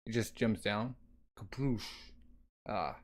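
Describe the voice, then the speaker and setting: A man's voice: fairly low pitch, takes it slowly. A man casually reading a manga aloud, narrating the action and speaking the sound effects. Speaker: manga reader.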